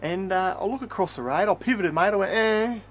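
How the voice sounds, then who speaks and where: A man's voice: high voice, animated, fast talker, a little hiss or hum. A man with an Australian accent telling a profane, rambling comic story, swearing constantly and tagging his sentences with mate. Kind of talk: profane comedic rant.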